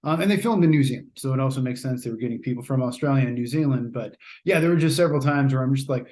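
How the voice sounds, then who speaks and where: A man's voice: mid-range voice, quick pace, hardly any pauses, a little mellow. An American man, a podcast host, gives a casual, rambling spoken film review with many fillers and restarts. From United States.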